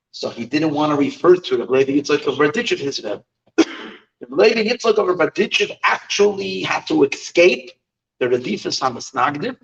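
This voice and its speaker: A man, a rabbi, telling stories in a halting lesson, with many restarts. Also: a little high. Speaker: rabbi teaching. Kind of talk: storytelling lesson. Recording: dull recording, far from the mic.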